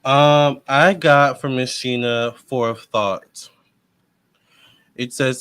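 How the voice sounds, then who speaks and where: A man hosting a live tarot reading, talking in a relaxed, conversational way full of casual fillers. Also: medium pitch, drawn-out words, pauses often, smooth. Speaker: tarot reader host.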